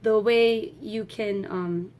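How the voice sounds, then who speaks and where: A young woman giving a rambling, excitable movie review, swearing freely and talking in a casual way. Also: medium pitch, slow.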